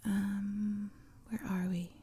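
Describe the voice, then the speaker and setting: A woman hosting an ASMR channel, talking in a soft half-whisper and telling a rambling, chatty story up close to a sensitive mic. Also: mid-range voice, flat delivery, drawn-out words, slightly rough. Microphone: close sensitive mic for headphones.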